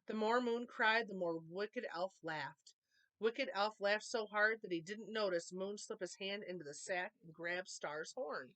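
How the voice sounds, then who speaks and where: A woman reading a children's picture book aloud with expressive, animated storytelling. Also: mid-range voice, measured pace. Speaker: storytime reader.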